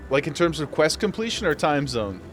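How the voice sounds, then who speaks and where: A man's voice: a little high, big pitch swings, a little fast, faint music behind. Chatty man streaming a game. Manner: chatty, laughs often, reads game text aloud. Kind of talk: casual live-stream chat while gaming.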